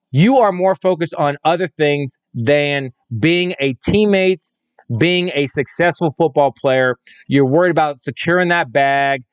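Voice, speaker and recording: A man talks football in a fired-up, opinionated way, hammering his points over and over. His voice sits a little high for a man. It is recorded dry and close, with no room sound. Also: dry recording. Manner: emphatic, repetitive, fired-up. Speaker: fantasy football podcaster. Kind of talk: opinionated solo commentary.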